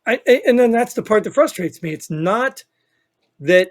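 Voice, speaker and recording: A man's voice: high voice, sing-song, normal speed. A man with a Northern US accent, co-hosting a podcast in opinionated casual chat, rambling and emphatic with frequent "you know what I mean.". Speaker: podcast co-host.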